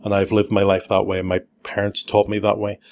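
A man's voice: fairly low pitch, completely flat delivery, fairly quick, gravelly, darkish tone. A middle-aged man with a Northern Irish accent, hosting a podcast and summing up a comic with wry, joking asides. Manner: wry, jokey, then earnest. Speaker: podcast host. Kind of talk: casual chat, comic synopsis.

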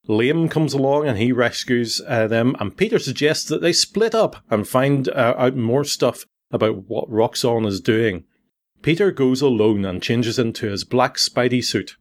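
A middle-aged man with a Northern Irish accent, hosting a podcast and summing up a comic with wry, joking asides. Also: medium pitch. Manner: wry, jokey, then earnest. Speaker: podcast host. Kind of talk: casual chat, comic synopsis.

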